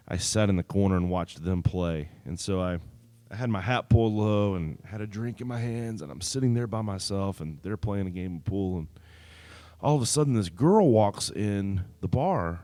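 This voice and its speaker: A singer-songwriter telling a story between songs at an open mic, in a relaxed, rambling way full of fillers and restarts. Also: male voice, on the low side, clear, resonant tone, no echo. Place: live open mic event.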